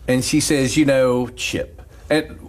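A man's voice: medium pitch, fairly even intonation, slow. A male pastor telling a story in casual chat, laughing often and breaking into a preaching cadence. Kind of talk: storytelling sermon-style chat.

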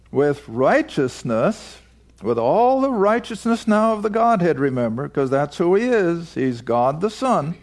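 A man's voice: a little high, vocal fry, a little mellow. A man teaching a Bible passage verse by verse, emphatic, asking his listeners questions and answering them himself.

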